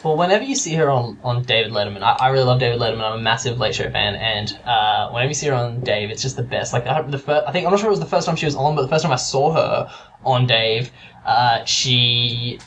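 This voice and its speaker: A man's voice: medium pitch, fast, a bit bright, a little hiss or hum. A man chatting casually about films, rambling with lots of fillers and restarts. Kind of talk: casual chat.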